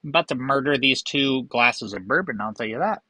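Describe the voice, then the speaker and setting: Young guy, bright forward tone, dry close sound; loose, joking, swears freely. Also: medium pitch, lively intonation, brisk, dry recording, low-quality recording. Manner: rambling, joking, profane asides. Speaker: whiskey vlogger. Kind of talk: casual on-camera whiskey tasting.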